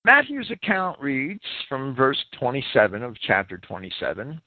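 A man giving verse-by-verse scripture commentary, deliberate and careful, stopping to spell out words and their pronunciations. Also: medium pitch, wildly swooping pitch, no room sound. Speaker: Bible commentator. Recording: tinny phone-like dry audio.

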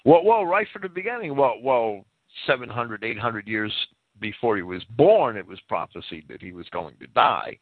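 Man, co-host, very lively intonation, eager agreement, headset, tinny phone-like sound. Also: mid-range voice, normal speed, dry recording. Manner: eager agreement, repeated 'well, well' restarts. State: sneezing and coughing. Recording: dry tinny phone-like line.

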